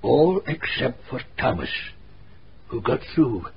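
An old storyteller with a gravelly voice and a lively, rising and falling delivery. He takes his tale slowly, and the recording is muffled with a faint hiss behind him. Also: mid-range voice, full character voice. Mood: narrating. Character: old Scottish storyteller, Mr Bell.

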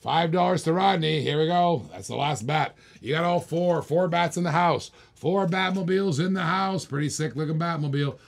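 A man's voice: fairly high pitch, moderate pace, creaky, hardly any pauses. A man hosting a live stream auction of toy cars, calling bids over and over in a hyped, repetitive way.

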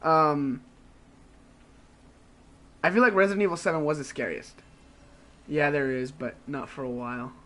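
Male gaming streamer, high-pitched, casual and profane, rambles and laughs while chatting with viewers. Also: fairly even intonation, moderate pace, pauses often, bright, forceful tone. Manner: rambling, swears a lot, laughs often, says "like" constantly.

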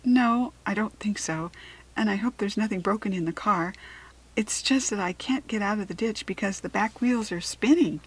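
A woman's voice: mid-range voice, normal speed, slightly rough, lightly acted. A woman voicing a courteous, well-spoken woman author in a storybook. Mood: polite.

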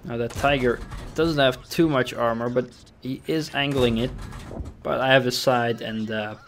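A man's voice: mid-range voice, steady tone, a little slow, a little hiss or hum. A young man casually commenting over his own tank game replay, thinking aloud with fillers and restarts. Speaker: gameplay commentator.

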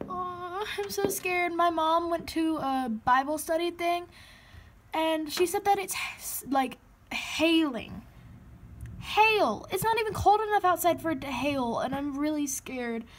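A teenage girl vlogs from home on a handheld phone. Her voice sits high, and she sounds frightened and jittery, slipping into breathy asides. Faint ambient noise sits behind her. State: frightened and shaking. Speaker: vlogger. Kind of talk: casual vlog. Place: indoors at home by a window.

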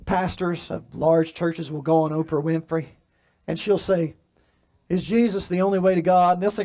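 Male pastor, fairly high voice, preaching in church, moves between forceful emphasis and hushed delivery. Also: steady tone, moderate pace. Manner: preaching with swings from loud emphatic to soft and quiet. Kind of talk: sermon. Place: church sanctuary.

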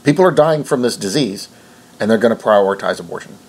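Male commentator with a husky, low voice. Reads news, then rebuts it indignantly. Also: lively intonation, fairly quick, a little mellow. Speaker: online commentator. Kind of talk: reading news aloud with commentary.

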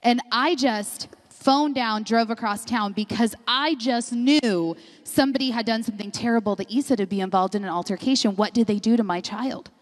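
A middle-aged woman pastor preaching a sermon, telling personal stories in an animated way and often laughing as she talks. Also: fairly high pitch, normal speed. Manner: animated storyteller, laughs often mid-sentence. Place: church sanctuary. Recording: long reverb of a large hall.

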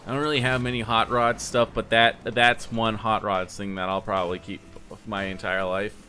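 A young man giving casual live commentary while playing a game online, rambling and self-mocking, with sudden excited outbursts. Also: fairly low pitch, normal speed, faint music behind. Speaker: gaming streamer.

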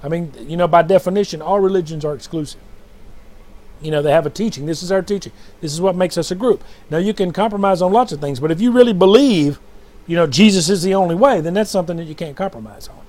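Speaking fast in a high, slightly mellow voice, this man preaches and testifies about a dream late at night, alone at the mic. He calls himself a prophet and preacher, and his delivery is fervent, repetitive and rambling, with frequent appeals to "brothers and sisters."

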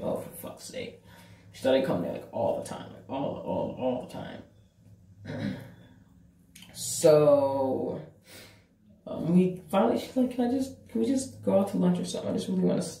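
A woman's voice: deep voice, mellow. A woman in her thirties telling a long, rambling story in a casual vlog, cursing often and poking fun at herself. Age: 30s. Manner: rambling, profane, self-mocking. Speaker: vlogger. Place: room at home with her cat. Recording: roomy, echoey room.

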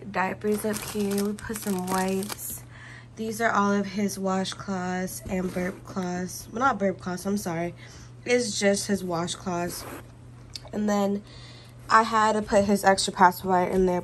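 A woman's voice: medium pitch, a little mellow, a little hiss or hum, rough recording. A young pregnant woman giving a casual, gushing tour of her baby's corner at home, a little out of breath and often correcting herself. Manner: chatty, self-correcting, gushing. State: heavily pregnant, a bit out of breath. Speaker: vlogger.

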